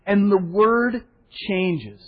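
A pastor preaching a sermon, telling the story with animated voices for the people in it and a soft hush for solemn points. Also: male voice, sits high, very slow. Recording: dull sound in a hall with long reverb.

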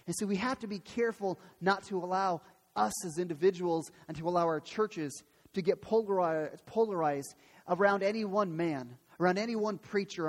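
A man pastor preaching a sermon in a church, earnest and emphatic, repeating phrases for weight. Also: sits high. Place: church sanctuary. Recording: long hall reverb.

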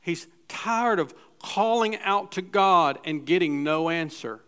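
A man's voice: high voice, expressive, slow pace, bright, forceful tone, clean tone. A middle-aged man preaching a sermon in church, speaking in a conversational way with restarts and acted-out asides. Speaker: pastor.

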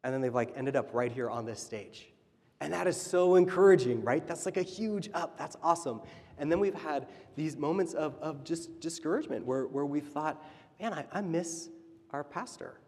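A man in his thirties, a church leader, telling stories in a casual, animated sermon. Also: on the high side, normal speed. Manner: animated, chatty storytelling. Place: church sanctuary. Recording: reverberant church hall.

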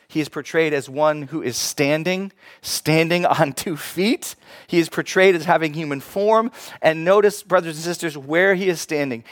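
A male pastor preaching with a fairly high voice. He drops to hushed, slow passages, then builds to loud, emphatic ones. The sound is close and dry. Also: dry recording. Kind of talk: sermon.

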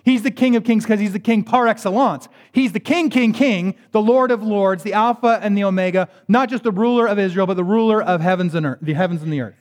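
A man's voice: high-pitched, fast talker, hardly any pauses. A man preaching a sermon, reading scripture and explaining it in a conversational, emphatic way with joking asides. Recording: reverberant hall.

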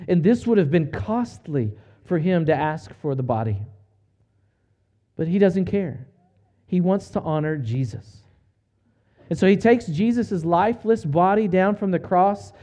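Male pastor, sermon, mellow tone, fairly high voice, earnest measured delivery. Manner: earnest, measured storytelling with slow emphatic pauses.

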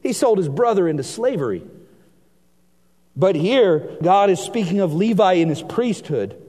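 A man preaching a sermon, reading scripture aloud and swinging between hushed and emphatic delivery. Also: high-pitched, expressive, measured pace. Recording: long hall reverb.

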